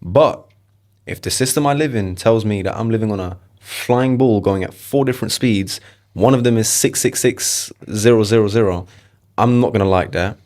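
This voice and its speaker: Low-voiced man firing rhetorical questions. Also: normal speed. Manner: animated, fires off rhetorical questions. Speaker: podcast guest. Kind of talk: casual conversation.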